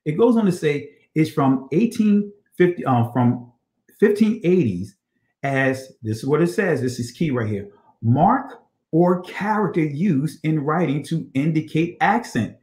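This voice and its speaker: A man's voice: on the high side, expressive, a little slow, darkish tone, echoey room. A man teaching a scripture study lesson on ancient Hebrew, reading passages aloud and checking in with "all right?" and rhetorical questions.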